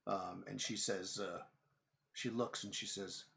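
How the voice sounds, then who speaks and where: A man narrating as game master of a tabletop game, talking in halting bursts with many fillers. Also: lowish voice, steady tone, creaky, fairly bright tone, slight background noise.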